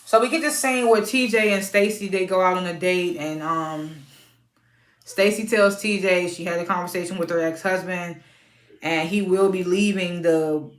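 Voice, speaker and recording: A woman giving a casual, outspoken recap of a reality TV episode, animated and prone to sudden high-pitched exclamations. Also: normal speed, roomy sound. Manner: informal and outspoken.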